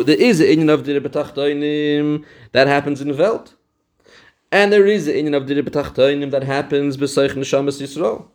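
Male text study teacher, slightly high voice, reads then explains. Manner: mixes Yiddish and Hebrew terms into English. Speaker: Torah teacher.

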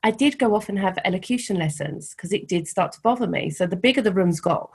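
A middle-aged woman with a softened London Cockney accent, talking candidly as an interview guest and telling stories with animation. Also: medium pitch, fast, vocal fry, breathy edge. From East London, England. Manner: candid, animated storytelling with laughs. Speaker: guest, founder of a women's network. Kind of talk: conversational interview.

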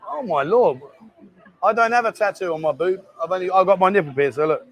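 A man's voice: high-pitched, fairly quick. A man, hosting a casual live stream and bantering as he reads out viewer comments. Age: 50s. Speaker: host.

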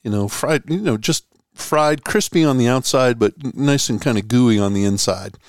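A man's voice: mid-range voice, normal speed, dry recording, studio quality. A man from the Boston area hosting a podcast, chatting casually and telling stories with jokes. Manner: jokey, animated storytelling. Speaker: podcast host. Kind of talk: casual chat.

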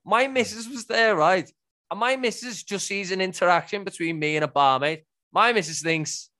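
Ranting man, fairly high voice. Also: moderate pace, sharp tone. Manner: ranting anecdote-teller who says "right?" often and swears a lot. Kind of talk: casual podcast chat.

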